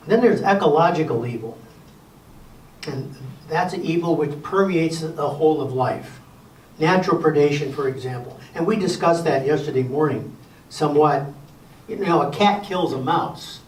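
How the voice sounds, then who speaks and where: An older man presenting a Sabbath school lesson in a relaxed lecture style, folksy and wry with gentle humor. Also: fairly high pitch, distant mic, a little hiss or hum. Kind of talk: casual lecture to a class. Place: church classroom. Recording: echoey room recorded from afar.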